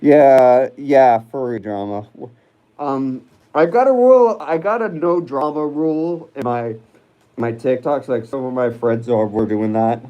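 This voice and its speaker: A man's voice: mid-range voice, measured pace, lo-fi sound. A man hosting a casual livestream, chatting in a rambling, hesitant way with lots of fillers and restarts as he reads viewer comments. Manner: chats with viewers while reading live comments. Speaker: livestream host.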